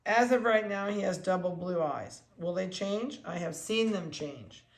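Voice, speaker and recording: Gravelly-voiced dog breeder cooing at puppies. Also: mid-range voice, animated, a little slow. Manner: chatty, coos at the puppies in soft baby talk. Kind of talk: casual talk while handling puppies. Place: indoor room of a home. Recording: echoey room, faint background noise.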